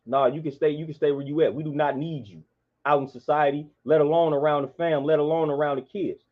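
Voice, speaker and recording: A man's voice: fairly high pitch, fairly even intonation, fairly quick. A man, delivering an impassioned monologue in a preachy, repetitive, emphatic way. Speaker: vlogger. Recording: dull lo-fi sound.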